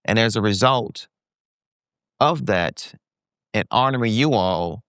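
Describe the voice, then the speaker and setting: A man in his forties with a smooth, resonant voice that sits a little low. He tells a candid story as a podcast guest and slips into animated impressions of the people he quotes. The sound is dry and close, with no room around it. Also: slow pace, dry recording. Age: 40s. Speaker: guest entrepreneur.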